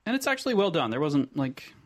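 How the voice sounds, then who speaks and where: A man's voice: a little high, sing-song, quick pace. A man co-hosting a casual podcast chat about movies, rambling with lots of ums and restarts. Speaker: podcast co-host.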